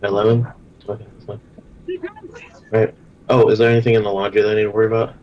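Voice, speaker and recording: A man playing a tabletop game from home, rambling and scattered in quick bursts. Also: lowish voice, little pitch movement. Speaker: player. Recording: slightly muffled lo-fi mic.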